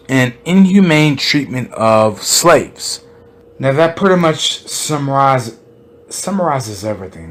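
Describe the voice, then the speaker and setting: A podcast host delivering an impassioned monologue, stressing points by repeating them and firing off rhetorical questions. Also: male voice, mid-range voice, animated, slow, fairly bright tone, a little hiss or hum.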